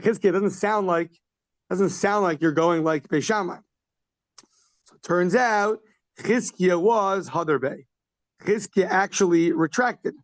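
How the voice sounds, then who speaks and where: A man with a fairly high voice teaches a daily Talmud class. He reads Aramaic phrases, then breaks them down in relaxed, conversational English, often asking questions aloud. The sound is close and dry. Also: no room sound. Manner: animated questioning with short laughs. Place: class held in person and over a video call.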